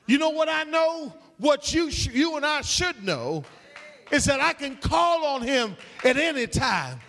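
A man preaching a sermon in a church, with rhythmic, sing-song cadences that swell into shouts. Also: very high-pitched, sing-song, a little slow, big-room sound.

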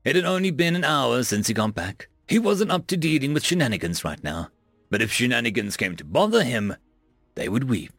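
A man narrating a fantasy story in an expressive storytelling manner. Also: mid-range voice, fairly quick, vocal fry, no room sound, clean studio sound.

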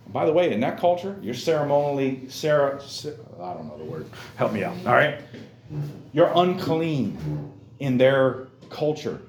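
A man's voice: medium pitch, very animated, unhurried, echoey room, highs cut off. A man teaching a Bible lesson to a youth class, emphatic and addressing his listeners directly.

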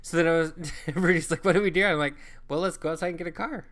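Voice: medium pitch, fast talker, fairly bright tone. A co-host telling a travel story in casual chat, swearing freely and acting out what people said. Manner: profane, chatty, acts out quoted lines.

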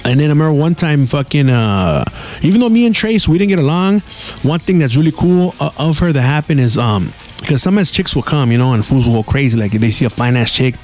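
A man hosts a solo podcast, spinning loose stories in a relaxed, profane way. His talk is full of slang with Spanish words mixed in, and faint music sits under him. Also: medium pitch, quick pace. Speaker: podcast host. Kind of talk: casual solo storytelling.

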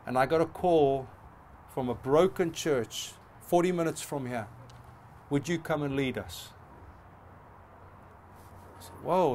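A middle-aged man preaches with passion, stacking phrase on phrase for emphasis. His voice sits a little high for a man. A faint hum of ambience lies under the recording. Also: a little mellow. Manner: passionate, emphatic with rising repetitions. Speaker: pastor. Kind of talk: sermon.

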